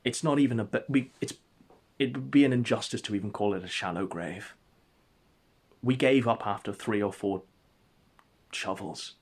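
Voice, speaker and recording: A man narrating an absurd comic story in a deadpan, mock-epic way. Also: fairly low pitch, normal speed, long pauses, slightly rough. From England.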